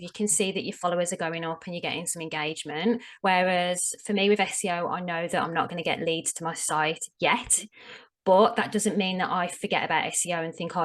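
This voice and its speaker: Through a low-pitched, easygoing voice, a woman talks as an interview guest, laying out practical advice in a frank, chatty manner. She leans hard on her main warnings and keeps the explanations plain and friendly. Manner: frank, explanatory, emphatic on tips. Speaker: SEO strategist, podcast guest. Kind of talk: casual interview chat.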